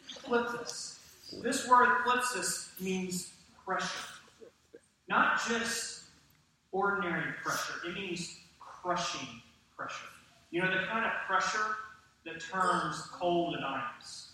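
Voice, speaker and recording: A man preaching a sermon to his congregation with animated delivery and questions to the room. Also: high-pitched, slow pace, far from the mic, a little hiss or hum. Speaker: pastor. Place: church sanctuary. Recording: echoey church hall from off-mic.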